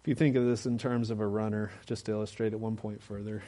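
A man preaching a sermon in a conversational way, with plenty of fillers, building to loud emphatic urging at times. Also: lowish voice, little pitch movement, quick pace, few pauses. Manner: conversational, rising to emphatic exhortation.

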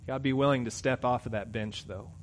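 A middle-aged pastor preaching a sermon, conversational, swinging between loud emphatic lines and quiet asides. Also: male voice, mid-range voice, steady tone, fast talker.

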